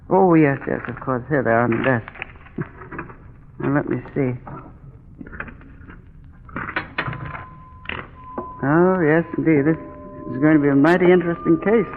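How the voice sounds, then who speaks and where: An actor playing an elderly, kindly police doctor in an old radio drama. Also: male voice, fairly high pitch, noisy background, close to an everyday voice. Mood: musing. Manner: mutters to himself, then pleads in terror. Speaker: Doc Kilgore. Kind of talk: 1930s radio drama acting. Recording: muffled old radio recording with music.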